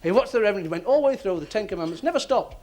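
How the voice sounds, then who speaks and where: A man doing stand-up, telling a joke as an animated story on stage. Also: high voice, rapid-fire, background noise. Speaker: stand-up comedian. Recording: old TV audio with audience laughter.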